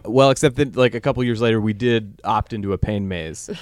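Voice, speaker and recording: A man's voice: lowish voice, fairly quick, no echo. Laughing man telling stories, dry sound. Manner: animated storyteller, laughs often. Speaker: guest. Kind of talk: casual podcast chat.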